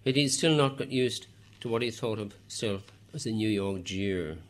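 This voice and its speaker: A man narrates a novel in a measured, even storytelling voice. His pitch sits on the low side, and he drops in the odd wry aside to the listener. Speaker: audiobook narrator. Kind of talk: scripted narration.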